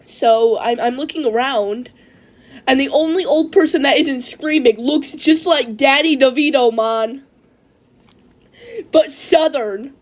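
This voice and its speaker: A woman's voice: medium pitch, natural voice, low-quality recording. A woman voicing a laid-back young man with a mullet, telling a rambling comic story and ending nearly every sentence with "man". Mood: worked up. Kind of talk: comedic in-character story time.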